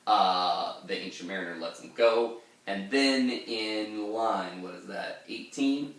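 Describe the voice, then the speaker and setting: Man, low-ish voice, casual teacher explaining poetry, rambly, echoey room, mic a bit far. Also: slow pace, fairly bright tone. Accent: pirate-style put-on accent in readings. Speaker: literature lecturer. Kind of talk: informal poetry lesson with pirate-voiced readings.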